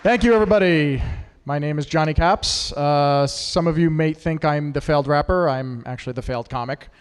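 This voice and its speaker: A man's voice: on the high side, fairly quick, smooth, in a large hall. Crude self-mocking male stand-up comic. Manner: crude, self-deprecating, teasing the audience. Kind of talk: stand-up set at an open mic. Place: small performance studio with a live audience.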